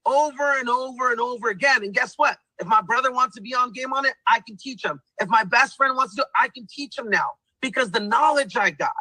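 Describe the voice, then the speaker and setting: Guy hyping up the crowd in a pep talk, keeps saying guys and guess what, bright tense voice. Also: very high voice, fairly quick, few pauses, no echo, rough recording. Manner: emphatic and repetitive, addresses viewers as guys. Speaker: testimonial speaker.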